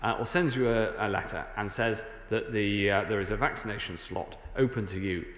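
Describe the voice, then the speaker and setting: Male minister, low-ish voice, halting parliamentary delivery, echoing chamber. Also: a bit bright. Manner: halting, filled with uh and um. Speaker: government minister answering MPs. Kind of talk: parliamentary statement. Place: large debating chamber, indoors. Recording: echoey chamber with long reverb.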